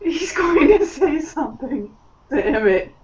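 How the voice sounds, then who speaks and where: A man's voice: very high-pitched, very animated, a little slow. A man playing in an online tabletop role-play, who describes his character with many fillers and laughs often. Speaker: player. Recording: muffled voice chat from a distance.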